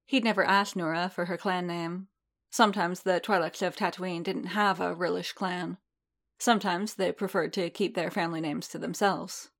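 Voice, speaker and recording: Woman narrating a story, slightly low voice. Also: fairly even intonation, normal speed, fairly bright tone.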